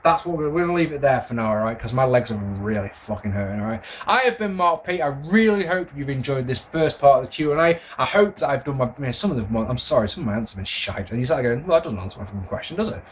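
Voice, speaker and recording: A man's voice: medium pitch, lively intonation, quick pace, hardly any pauses, slight background noise. A man, answering viewer questions in a casual vlog, rambling, swearing and apologising for his answers. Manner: rambling, sweary, self-deprecating. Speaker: wrestling video reviewer.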